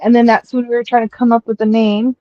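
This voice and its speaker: A woman's voice: fairly high pitch, level tone, quick pace, no echo, muffled recording. Rambling woman on a headset mic. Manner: rambling, full of fillers. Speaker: streamer. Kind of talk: casual chat.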